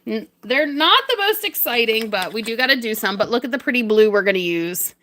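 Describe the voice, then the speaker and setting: A woman's voice: fairly high pitch, animated, fairly quick, sharp tone. A young woman chatting casually on a craft livestream, greeting and thanking viewers with frequent giggles.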